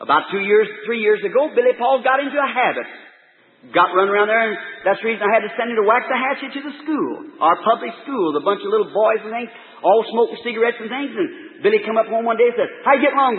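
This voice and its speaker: A middle-aged man, preaching a sermon with impassioned, folksy storytelling that swings from loud to hushed. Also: high-pitched, lively intonation, fast. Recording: echoey hall, thin phone-like old tape.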